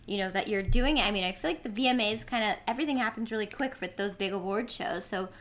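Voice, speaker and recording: A woman's voice: medium pitch, fast talker, a bit bright, a little hiss or hum. A woman hosting a casual interview podcast, chatty and supportive, with lots of likes and filler. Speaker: podcast host.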